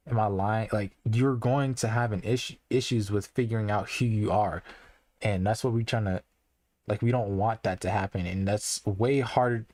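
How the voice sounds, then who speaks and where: A man's voice: mid-range voice, darkish tone, no echo. A young man talking to his live-stream chat in a loose, earnest way, rambling and restarting often with lots of "like". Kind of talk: casual live-stream commentary.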